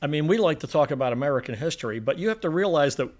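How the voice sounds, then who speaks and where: Animated man retelling film scenes. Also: on the high side, very fast. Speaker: podcast co-host. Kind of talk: casual movie review chat.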